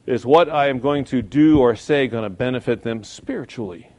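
Creaky-voiced man preaching emphatically. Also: mid-range voice, normal speed. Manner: emphatic, rhetorical questions, swings from loud to quiet. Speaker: Bible class teacher. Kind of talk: conversational sermon.

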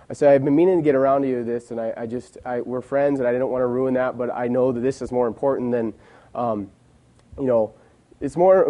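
A man's voice: mid-range voice, mellow. A man in his twenties giving an earnest, heartfelt personal testimony to a congregation, rambling as he goes. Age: 20s. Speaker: church member giving a testimony.

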